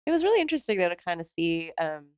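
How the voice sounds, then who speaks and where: A woman with a lowish, smooth voice, chatting casually as co-host of a live stream. She sounds playful and self-aware. The audio is dry and a little dull. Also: big pitch swings, very fast, no room sound. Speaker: livestream co-host.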